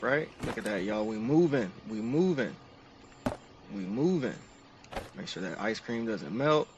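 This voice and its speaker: A man's voice: fairly low pitch, distant mic, background noise. A man narrating each step of a game to his stream chat in an upbeat, casual way.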